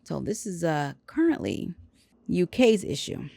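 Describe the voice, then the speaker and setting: A woman's voice: lowish voice, big pitch swings, unhurried, vocal fry, warm tone, dry recording. Sarcastic woman podcast host. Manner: sarcastic, wry commentary. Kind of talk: reading news with sarcastic asides.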